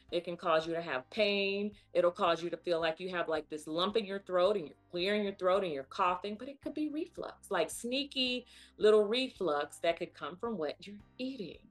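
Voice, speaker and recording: A woman's voice: fairly low pitch, normal speed, faint music behind. A woman speech pathologist, a guest on a talk show, explaining vocal health and leading tongue twister drills in an upbeat, coaching way. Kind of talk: casual instructional chat.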